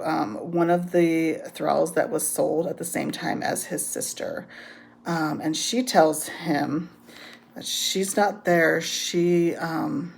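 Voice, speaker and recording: A woman's voice: deep voice, vocal fry, a little mellow. A woman giving a casual, rambling recap of a book's plot, with frequent ums and laughter. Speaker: book reviewer. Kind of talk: casual spoken book recap.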